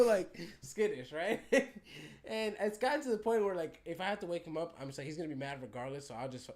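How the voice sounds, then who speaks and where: A man's voice: fairly high pitch, normal speed. A man co-hosting a casual podcast, telling stories with lots of laughter and swearing. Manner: animated, laughs through stories, swears often. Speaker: podcast co-host. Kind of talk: casual chat, storytelling.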